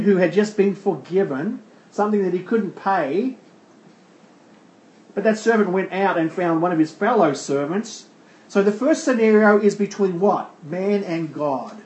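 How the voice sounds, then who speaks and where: A man's voice: high-pitched, a little mellow, echoey room, lo-fi sound. A man preaching a sermon verse by verse, who asks the congregation rhetorical questions and answers them himself. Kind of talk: sermon explaining a scripture passage.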